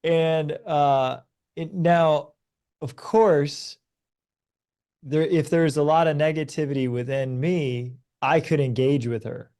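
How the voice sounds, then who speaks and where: A man in his thirties, a podcast guest, talking earnestly and telling stories in a relaxed conversation. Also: fairly high pitch, slow pace. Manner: earnest, storytelling, animated when recounting events. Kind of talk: conversational advice talk.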